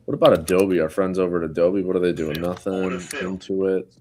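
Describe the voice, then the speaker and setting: A man's voice: low voice, flat delivery, a little fast, crowd noise. A man co-hosting a live trading stream, commenting on stocks in a laid-back, dry way. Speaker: trader co-host. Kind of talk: casual trading chat.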